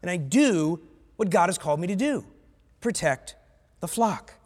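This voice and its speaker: A man's voice: high-pitched, big pitch swings, a little slow, slightly rough, in a large hall. A male pastor from the United States preaching a sermon bluntly, with conversational asides to his congregation. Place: church sanctuary.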